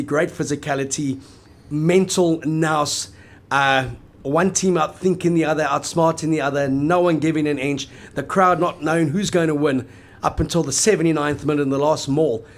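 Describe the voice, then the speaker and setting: A man co-hosting a casual sports chat, arguing at length in an emphatic, analytical way. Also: a little high. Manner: emphatic, analytical, long flowing arguments. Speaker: podcast co-host.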